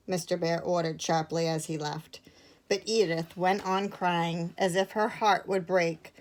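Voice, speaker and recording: A woman teacher reading a picture book aloud to children in a gentle, expressive way. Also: on the low side, measured pace.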